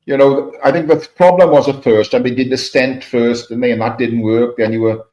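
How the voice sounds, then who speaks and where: A man's voice: mid-range voice, fairly even intonation, a little fast, mellow. Matey man, dull sound. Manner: matey, swears casually, asks lots of questions. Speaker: live stream co-host. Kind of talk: casual chat.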